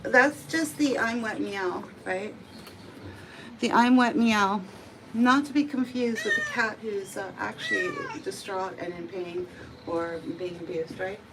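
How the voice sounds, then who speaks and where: Slow-talking woman groomer cooing to a cat. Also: medium pitch, animated. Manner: coos and hums to the cat. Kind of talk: chatty livestream while grooming. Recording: loud background noise.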